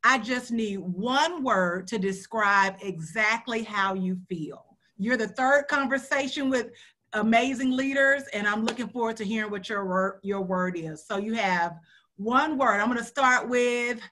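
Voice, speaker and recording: Woman host, slow and earnest, bright higher voice, video-call sound. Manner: heartfelt, earnest, near tears at times. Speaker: radio host. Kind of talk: emotional hosting on a video call.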